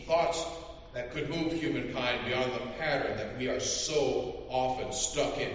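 A man preaching a sermon as pastor, measured and full of rhetorical questions. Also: mid-range voice, a little hiss or hum. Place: church. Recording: echoey church hall from far off, dull.

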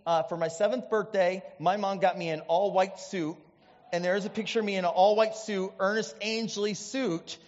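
High-voiced man preaching in a hall. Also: muffled recording. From Indiana, US Midwest. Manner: chatty, animated storytelling with many asides. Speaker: pastor. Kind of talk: storytelling sermon.

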